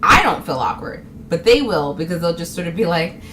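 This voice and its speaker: A woman's voice: fairly low pitch, sing-song, fairly quick, a bit bright, a little hiss or hum. A young woman from New York, a vlogger, talking to camera in a casual comedic monologue, chatty and often laughing. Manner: chatty, laughs a lot, acts out other people's lines.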